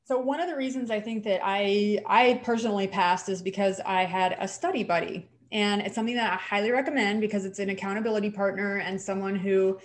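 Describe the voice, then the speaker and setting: A young adult woman, a dental hygienist co-hosting a show, talking in an animated, emphatic way. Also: mid-range voice, brisk, hardly any pauses. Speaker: podcast co-host, dental hygienist. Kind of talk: casual chat.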